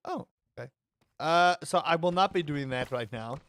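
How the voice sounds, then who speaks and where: A man's voice: on the high side, expressive, normal speed, fairly bright tone, slight background noise. A man streaming a game with casual, chatty commentary, joking and swearing freely as he talks to his viewers. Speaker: gaming streamer.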